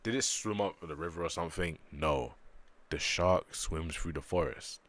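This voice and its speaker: A man reading a manga aloud on a stream, joking and chatting between panels with animated bursts. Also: sits low, normal speed. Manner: animated, jokey, breaks into loud excited bursts.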